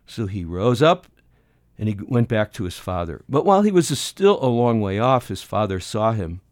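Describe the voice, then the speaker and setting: A man's voice: lowish voice, big pitch swings, normal speed, darkish tone, no room sound, studio quality. A middle-aged American man giving a conversational teaching talk on evangelism, often restarting his phrases and acting out short dialogues. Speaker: ministry teacher.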